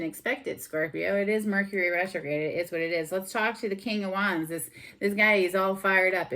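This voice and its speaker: A woman's voice: medium pitch, a bit bright. Blunt, swearing woman reading tarot. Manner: blunt, swearing, fired-up and sassy. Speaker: tarot reader.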